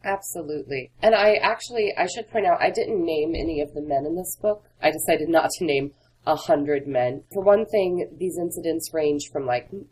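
A woman's voice: sits low, normal speed, darkish tone, slightly rough, rough recording. A woman author in an interview, talking earnestly and candidly through personal stories. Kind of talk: interview conversation.

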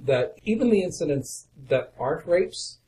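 A man hosts an interview, laying out his questions in a measured, thoughtful way. He speaks conversationally and works through his points before handing over. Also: fairly high pitch, expressive, dark tone, slight background noise, poor audio.

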